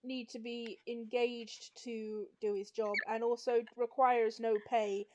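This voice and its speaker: A woman's voice: fairly high pitch, little pitch movement, slow, background noise. A woman playing a teasing village neighbour. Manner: teasing, prodding questions. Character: nosy neighbour Gertie, teasing cat owner. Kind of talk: improvised tabletop role-play.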